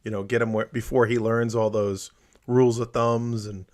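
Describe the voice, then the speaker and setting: Male HVAC panelist, relaxed and hesitant, casual delivery with lots of fillers. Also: medium pitch, normal speed. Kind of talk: casual chat.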